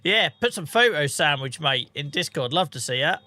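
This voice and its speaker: A man's voice: fairly high pitch, animated, normal speed, sharp tone, no room sound. A man chatting casually on a live game stream, bantering, laughing often and answering viewers' messages. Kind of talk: casual live-stream chat over gameplay.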